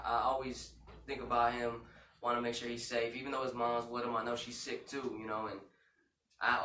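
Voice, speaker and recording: Man, casual storytelling, emotional, filler-heavy, bright forceful voice, echoey room, faint noise. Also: mid-range voice. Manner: emotional retelling with many "you know" and "man" fillers. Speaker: podcast co-host. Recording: roomy echo, far from mic, faint background noise.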